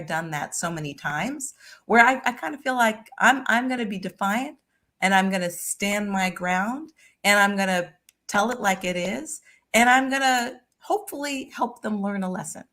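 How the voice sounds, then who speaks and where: A woman guest telling a personal story in a conversation, lively and full of restarts. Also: medium pitch. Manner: animated anecdote with frequent restarts.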